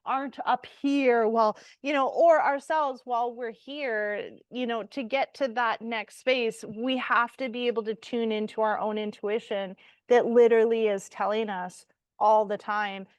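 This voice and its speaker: A woman co-hosting a spiritual podcast in casual chat, animated, laughing and swearing freely. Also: a little high, a little slow, clean tone, no room sound. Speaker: podcast co-host.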